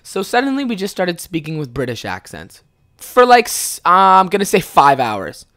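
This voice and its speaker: A man's voice: sits high, huge pitch swings, normal speed, fairly bright tone. A young man from Ontario, a podcast host, telling rambling, profane stories in a casual way and laughing often. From Ontario, Canada. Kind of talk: casual storytelling.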